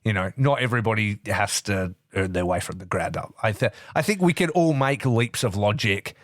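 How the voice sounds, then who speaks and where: A man's voice: fairly low pitch, moderate pace, dry recording, studio quality. A man co-hosting a casual wrestling podcast, swearing freely and acting out other people's lines with lots of energy. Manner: swears a lot, animated, acts out wrestlers' lines. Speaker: podcast co-host.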